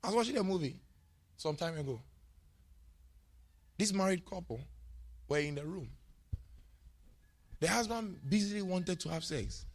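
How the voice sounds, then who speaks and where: A man's voice: high voice, animated, normal speed, long pauses. A male pastor preaching a sermon, emphatic and repetitive, often checking in with his congregation.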